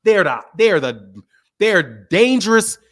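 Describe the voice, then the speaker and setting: High-voiced man ranting heatedly. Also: very animated, normal speed. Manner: emphatic, repetitive, profane, swings between loud and quiet. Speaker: boxing channel host. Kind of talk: heated livestream rant.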